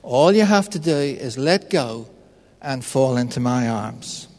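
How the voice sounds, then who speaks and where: A man voicing God as a calm, gentle presence speaking from above, in a hall with echo. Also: mid-range voice, a little slow, pitched below the performer's own voice. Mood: reassuring. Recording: echoey hall reverb.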